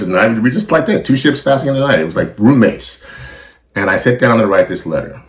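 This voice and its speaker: A man's voice: low-pitched, echoey room. A middle-aged man hosting a podcast, talking bluntly and emotionally with heavy swearing in a confessional monologue. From California. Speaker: podcast host.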